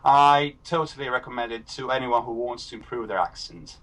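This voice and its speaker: A man from Greece, giving an earnest, steady testimonial. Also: mid-range voice, brisk, distant mic, low-quality recording. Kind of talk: spoken testimonial.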